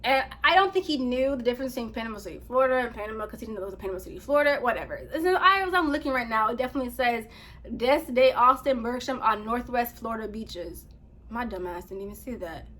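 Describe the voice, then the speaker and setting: A woman vlogger casually telling a story to her viewers, animated, laughing often and reading text messages aloud. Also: on the high side, very fast, hardly any pauses.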